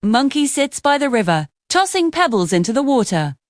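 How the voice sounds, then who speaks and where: A woman narrating a children's cartoon story, her higher voice rising and falling with a lively, expressive storytelling lilt. The sound is dry and close to the mic. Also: normal speed, no room sound.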